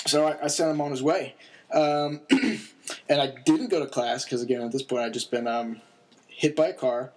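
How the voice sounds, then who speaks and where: A man's voice: medium pitch, steady tone, moderate pace, a little mellow. A young man casually telling a long story on a podcast, laid-back and rambling, with many fillers and chuckles.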